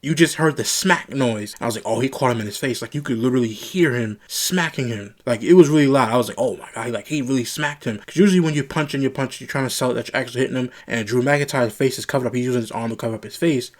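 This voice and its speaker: A man hosting his own show, casually recapping a wrestling broadcast in a rambling style, retelling the dialogue and lifting his voice when excited. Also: fast, few pauses. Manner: animated, rises in pitch when excited.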